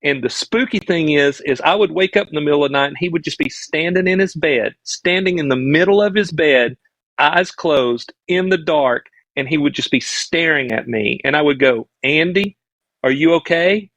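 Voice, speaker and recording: A middle-aged man with a Southern US accent tells a childhood story as a podcast guest, earnest and rambling, often restarting his sentences. His voice sits a touch high for a man. The sound is dry and close, with almost no room echo. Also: moderate pace, fairly bright tone. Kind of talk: casual storytelling on a live stream.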